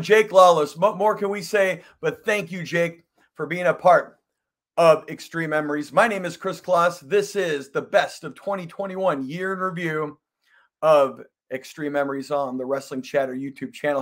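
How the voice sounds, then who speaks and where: Bright high-voiced man hosting a show. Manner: theatrical, hyped, talks to an off-mic producer. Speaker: podcast host.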